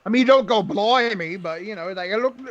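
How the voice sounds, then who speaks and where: A man with a rather high voice chats loosely through fight picks, cracking jokes and laughing often. The stream audio is a little dull and lo-fi. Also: a bit bright. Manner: joking, laughs often, quick banter. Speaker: podcast co-host. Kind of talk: casual chat about fight picks.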